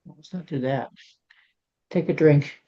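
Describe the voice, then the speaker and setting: A woman's voice: sits low, slow pace, warm tone. A woman on a crafting video call, chatting casually, teasing and laughing often. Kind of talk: casual chat. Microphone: computer microphone on a video call. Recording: dull lo-fi video call audio.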